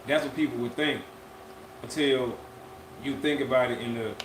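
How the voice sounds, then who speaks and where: A man's voice: mid-range voice, steady tone, noisy background. Laid-back man in an echoey room. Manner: laid-back, drawn-out, repeats phrases. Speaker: podcast co-host. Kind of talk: casual live-stream chat. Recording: echoey room with faint ambience.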